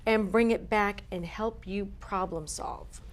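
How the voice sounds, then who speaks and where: A woman as an interview guest, telling dream stories in an animated way and acting out the voices she quotes. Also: mid-range voice, unhurried, slight background noise. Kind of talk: interview storytelling.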